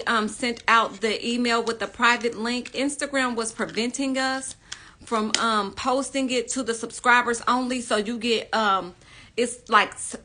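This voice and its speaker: A woman with a bright, forward voice hosts a casual phone livestream from home. She greets viewers warmly with "y'all" and then speaks earnestly and bluntly about anger and healing, dropping in a curse word here and there. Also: on the high side. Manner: casual, swears freely, uses "y'all". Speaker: livestream host, spiritual teacher. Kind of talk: casual livestream chat and spiritual talk.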